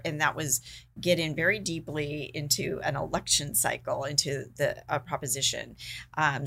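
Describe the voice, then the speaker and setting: A woman with a very low voice hosts a podcast interview, talking in a conversational, affirming way. A faint noise sits under her voice. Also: creaky, fairly bright tone. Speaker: podcast host, association executive director.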